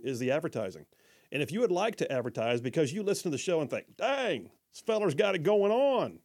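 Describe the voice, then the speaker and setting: A man's voice: a little high, darkish tone. Male talk radio host, folksy, loose delivery, trips over words. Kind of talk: talk radio reading listener texts.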